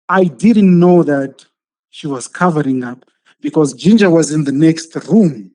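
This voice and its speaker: A man's voice: a little high, moderate pace, a little mellow. A man telling a story in casual chat, acting out the quotes and laughing often. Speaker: podcast host telling a story.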